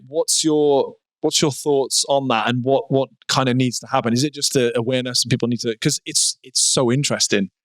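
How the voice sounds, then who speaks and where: A man's voice: mid-range voice, dry recording. A man from Wales hosting a podcast, asking rambling, enthusiastic questions in casual chat. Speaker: podcast host.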